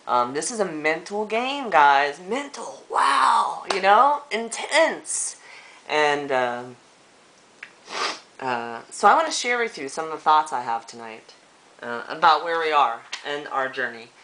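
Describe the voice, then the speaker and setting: An earnest middle-aged woman speaks to her viewers in a personal vlog, halting and full of fillers. Her voice sits a little low, yet sounds bright, and her pitch moves a lot. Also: big pitch swings, rough recording. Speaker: vlogger. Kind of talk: emotional personal vlog talk.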